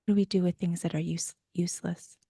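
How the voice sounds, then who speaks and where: A woman coach guiding a session, asking gentle probing questions and talking people through their feelings. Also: fairly low pitch, little pitch movement, quick pace, creaky, slightly rough, dry recording, clean studio sound.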